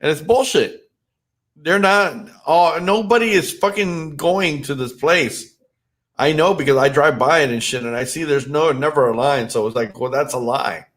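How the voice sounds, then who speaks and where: A man's voice: a little high, moderate pace, a bit bright. A man hosting a casual podcast chat, teasing and swearing freely, with a stuffed-up nose. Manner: profane, joking, teasing. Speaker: podcast host and DJ.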